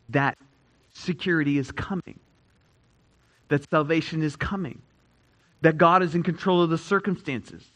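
A man preaching a sermon as a pastor, repeating key phrases and swinging between loud emphasis and hushed statements. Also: fairly high pitch, poor audio.

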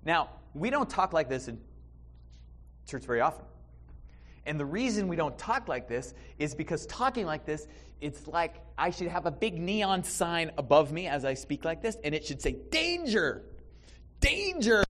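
A man preaching a sermon in church, animated, with restarts and sudden bursts of loud emphasis. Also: fairly high pitch. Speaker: pastor.

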